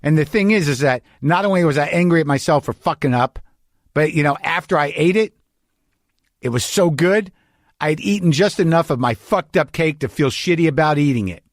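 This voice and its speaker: A man's voice: on the high side, a little fast, no echo, studio quality. A man hosting a podcast, telling a story in a casual monologue, swearing often and mocking himself. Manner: profane, self-deprecating storytelling. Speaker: podcast host.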